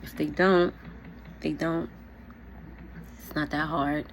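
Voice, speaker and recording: Her voice sits low and fairly even as she takes her time, a young New York vlogger telling a story while she gets ready. She's casual and frank, peppering her speech with "like" and "you know," and the audio carries a little hiss or hum.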